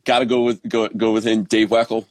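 Laid-back guy from baltimore, low voice, lots of ums, dry close sound. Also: normal speed, no room sound. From Baltimore, Maryland. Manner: laid-back, relaxed, many ums and restarts. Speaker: professional drummer, guest. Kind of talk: casual interview chat.

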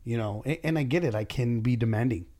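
Blunt, swearing business owner chatting. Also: male voice, mid-range voice, fast talker, warm tone. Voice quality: blunt, swears freely, acts out dialogue. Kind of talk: casual podcast chat.

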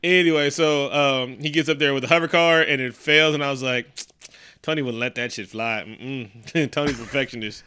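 A man's voice: medium pitch, normal speed, bright, forceful tone, smooth. A man co-hosting a casual podcast, recapping a movie with profane jokes and acted-out quotes. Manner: profane, joking, acts out quotes. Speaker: podcast co-host.

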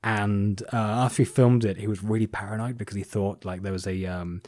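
A man's voice: fairly low pitch, fairly even intonation, a little fast, darkish tone, no echo, clean studio sound. A man hosting a casual podcast chat, explaining at length with frequent fillers and restarts. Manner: rambling, many fillers and restarts. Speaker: podcast host.

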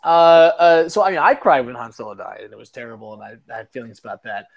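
A man's voice: mid-range voice, very animated, fast, creaky, lo-fi sound. A man hosting a podcast in casual chat, telling rambling, self-mocking stories and swearing casually. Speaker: podcast host.

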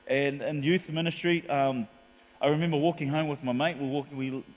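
A man with a New Zealand accent preaching a sermon as pastor, animated in his storytelling. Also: fairly high pitch, fairly quick, long reverb tail. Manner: animated storytelling, acts out quotes.

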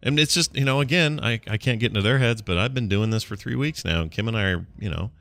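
A man hosting a podcast in casual chat, animated and laughing easily, talking through rambling asides on a home mic over a remote call. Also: fairly low pitch, fast, vocal fry, no room sound. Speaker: podcast host.

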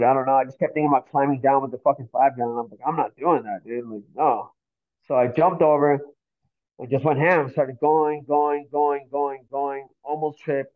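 A man from Miami, a podcast guest, telling a story in an animated, profane, slang-filled way. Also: medium pitch. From Miami, Florida. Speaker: podcast guest, graffiti artist. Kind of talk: casual storytelling. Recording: tinny phone-like audio.

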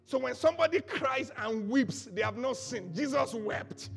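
Pastor, male, very high gravelly voice, preaching with shouted bursts, faint music underneath. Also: lively intonation, moderate pace. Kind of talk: sermon.

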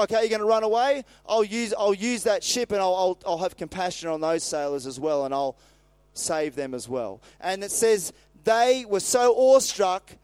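A man preaching in a casual, lively way, retelling a Bible story with laughs, asides and acted-out lines. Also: high voice, smooth, no room sound. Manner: animated, acts out voices with laughs and asides.

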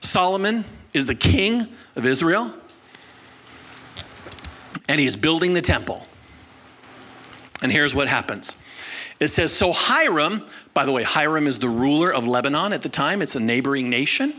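A pastor preaching a sermon to his congregation, telling stories with lively acted voices and calling on the listeners to respond. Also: on the high side, normal speed, pauses often. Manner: animated storyteller, acts out quoted people; calls on the congregation to answer.

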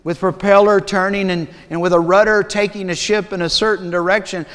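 A man preaching a sermon as a pastor, deliberate and measured, sometimes dropping to a hush. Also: sits high, little pitch movement, smooth. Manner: slow, deliberate preaching with dramatic drops to a hush. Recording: long reverb of a large hall.

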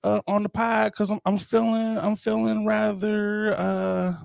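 A man co-hosting a podcast in casual chat, joking and telling animated stories. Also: high voice, unhurried, gravelly, no room sound, studio quality. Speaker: podcast co-host.

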